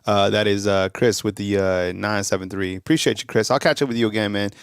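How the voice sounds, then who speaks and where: A man's voice: on the low side, steady tone, a little fast, clean tone, no room sound, clean studio sound. A male host of a sports call-in show talking in an easygoing way. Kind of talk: casual sports talk.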